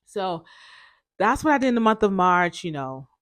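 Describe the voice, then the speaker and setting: A woman's voice: mid-range voice, very animated, normal speed, a bit bright, no echo. A young woman hosting a podcast, telling her own story in a chatty way, full of fillers and self-corrections. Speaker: podcast host.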